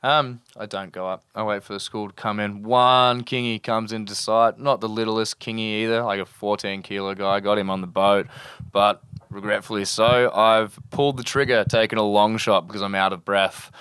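A man's voice: on the low side, fairly even intonation, moderate pace, fairly bright tone, smooth, no echo, clean studio sound. A young Australian man telling a spearfishing story as a podcast guest in a laid-back, slangy way, swearing freely. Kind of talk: casual storytelling.

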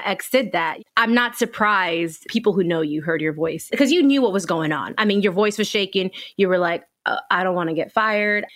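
A woman's voice: medium pitch, a bit bright, no room sound. Enthusiastic woman podcast host. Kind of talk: casual interview.

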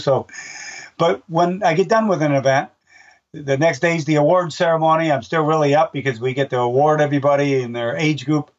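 An older man, a race announcer, telling stories in a casual interview, rambling with restarts and acting out voices in his anecdotes. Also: a little high. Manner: rambling, with many restarts and fillers. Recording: dull, distant-sounding recording.

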